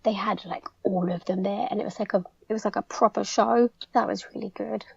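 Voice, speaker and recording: Chatty English woman with a gravelly edge. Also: mid-range voice, brisk, no echo, lo-fi sound. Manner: chatty, fillers like "like", excited storytelling. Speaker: podcast guest. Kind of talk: casual chat.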